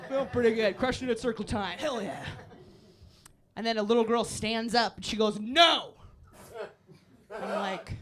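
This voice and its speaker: A young woman performing a live stand-up set, animated and giggly, jumping to squeaky high voices when she acts out the kids. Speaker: stand-up comedian. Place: comedy club stage.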